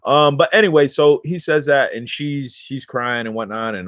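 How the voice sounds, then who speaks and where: Casual male vlogger, slangy rambling storyteller, mid pitch, dry close recording. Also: moderate pace, hardly any pauses, a bit bright, dry recording. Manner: slangy, rambling, talks to viewers directly. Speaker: cannabis vlogger.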